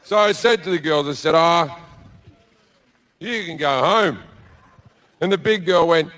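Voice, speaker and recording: A man's voice: high-pitched, normal speed, pauses often, a bit bright. A man doing stand-up storytelling in a large theatre, brash and profane, slipping into acted-out voices. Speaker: stand-up comedian. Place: large theatre with a live audience.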